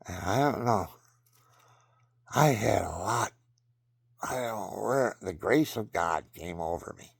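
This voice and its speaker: A man's voice: on the low side, lively intonation, takes it slowly, creaky, pauses often, husky, no room sound, clean studio sound. An older man rambling through personal stories and religious advice, often restarting sentences and chuckling at himself. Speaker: vlogger telling personal stories.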